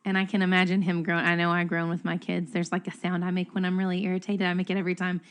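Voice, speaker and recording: A woman's voice: lowish voice, monotone, fast talker, slight background noise. A woman, a mother, chatting candidly and with self-deprecation in a Bible study discussion. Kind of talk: casual Bible study chat.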